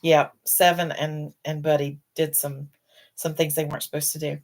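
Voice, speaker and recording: A woman's low, unhurried voice carries a casual live-stream chat. She rambles from one thought to the next and sounds on the edge of crying. She comes across as middle-aged and speaks as the host of her own show. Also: level tone. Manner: rambling, emotional, fighting back tears.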